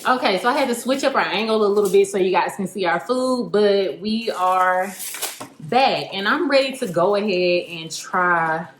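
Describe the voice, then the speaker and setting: Eating as she talks, the young host keeps a mealtime chat casual, full of slang and laughter. She speaks at normal speed in a mid-range voice, and the home recording sounds roomy with a little background noise.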